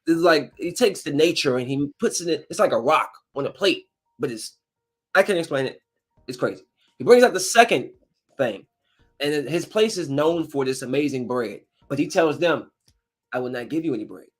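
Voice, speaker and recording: A man hosting a podcast, casually retelling a film in a rambling, animated way and acting out bits of dialogue. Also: on the high side, normal speed, husky, soft background music. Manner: rambling, animated storytelling with acted-out quotes. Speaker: podcast host. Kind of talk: casual movie recap.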